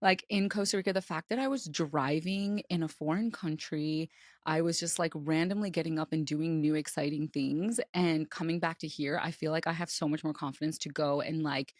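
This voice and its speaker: A woman's voice: deep voice, fairly even intonation, normal speed, no echo, studio quality. A woman co-hosting a podcast, telling stories animatedly and laughing often. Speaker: podcast co-host. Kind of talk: casual chat.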